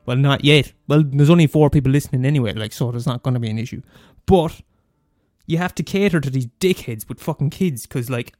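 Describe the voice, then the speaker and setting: A man's voice: mid-range voice, a little mellow, no echo, clean studio sound. Ranting, profane Irish man. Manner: profane, ranting, fast and mumbly. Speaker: podcast host. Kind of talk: casual solo rant.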